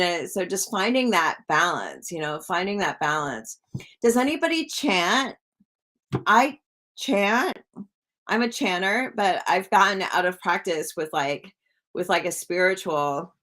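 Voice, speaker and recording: A woman's voice: on the low side, fairly bright tone. A woman hosting a psychic live stream, rambling casually with lots of "like" and asking her viewers questions.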